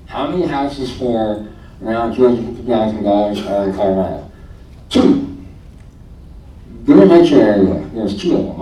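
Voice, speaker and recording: Mellow-voiced man in a roomy hall. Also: on the low side, distant mic, a little hiss or hum. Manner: animated storytelling, acting out his own quoted thoughts with laughs. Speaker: church member giving testimony. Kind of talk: personal testimony to a congregation. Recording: roomy hall, speaker away from the mic, faint ambience.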